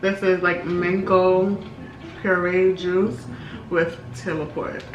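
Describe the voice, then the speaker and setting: A young woman, telling a story in animated, slangy style while eating, often laughing. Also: fairly low pitch, slow, distant mic, muffled recording, music in the background. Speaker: vlogger, co-host. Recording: roomy, off-mic, faint background hum.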